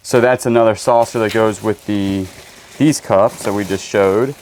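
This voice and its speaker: On a storage unit unboxing, a reseller host cracks goofy jokes and tosses in silly asides while he unpacks. His voice sits on the low side, fairly even in intonation, at a moderate and slightly mellow pace. Birds and faint background noise can be heard.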